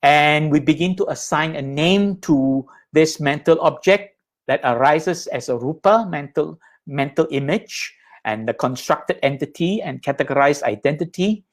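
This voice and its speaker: A man's voice: a little high, unhurried. Patient man teaching Buddhist ideas. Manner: patient, explanatory, checks in with "right?" and "okay?". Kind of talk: lecture explaining slides.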